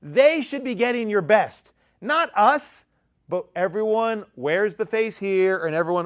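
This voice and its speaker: A male pastor preaching to teens in a church, his voice sitting a bit higher than most men's. He talks in a loose, joking way, punching some words loudly and dropping others to a near hush. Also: animated, normal speed. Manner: conversational and joking, swings between loud emphasis and quiet asides. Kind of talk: youth sermon. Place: church sanctuary.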